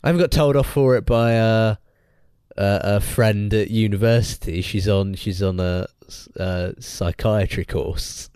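A man's voice: lowish voice, measured pace, clear, resonant tone, no echo, clean studio sound. A young man, co-hosting a podcast in casual chat and rambling through stories with lots of restarts. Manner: rambling, restarts often, animated storytelling. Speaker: podcast co-host.

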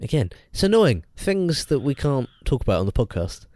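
A man's voice: mid-range voice, moderate pace, no room sound. Young guy rambling on a podcast, voice jumps all over, dry close sound. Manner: rambling, restarts often, animated storytelling. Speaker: podcast co-host. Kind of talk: casual chat.

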